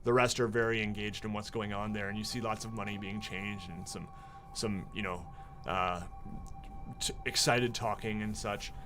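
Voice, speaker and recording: A man's voice: lowish voice, fairly even intonation, normal speed, a bit bright, faint music behind. A man running a tabletop game as game master, narrating in an easygoing, rambling way with many fillers.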